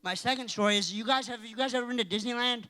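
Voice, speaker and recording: Excitable teenage boy in a reverberant hall. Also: very high voice, quick pace. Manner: excitable, rambling storytelling. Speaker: youth speaker. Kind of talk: youth group talk. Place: church hall.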